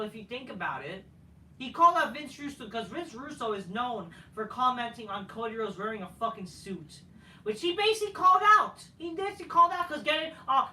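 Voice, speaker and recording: A man's voice: extremely high pitch, bright, forceful tone, slight background noise. A man hosting a wrestling review show, ranting profanely and rambling with lots of fillers, recorded in an echoey room from a distant mic. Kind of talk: profane casual rant.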